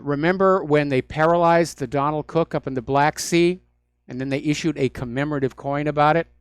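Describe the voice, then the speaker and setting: A male talk radio host riffs through the news on his own, full of sardonic, mocking asides. His voice sits somewhat high for a man. He is recorded close and dry in a studio with no room echo. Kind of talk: solo talk radio commentary.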